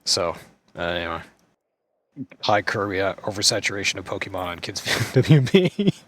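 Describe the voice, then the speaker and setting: Low-voiced man rambling on a podcast. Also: sing-song, moderate pace, a bit bright. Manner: rambling, jokey, with filler restarts. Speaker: podcast co-host. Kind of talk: casual gaming podcast chat.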